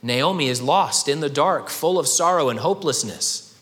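A man preaching a sermon with animated delivery, acting out the voices of people in the scripture he quotes. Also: on the high side, normal speed, big-room sound. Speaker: pastor.

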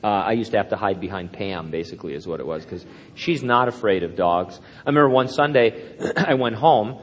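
A man's voice: fairly low pitch, a little fast, a little hiss or hum. An older man, a pastor, preaching a sermon in a rambling, anecdotal way with self-deprecating humor. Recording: long hall reverb.

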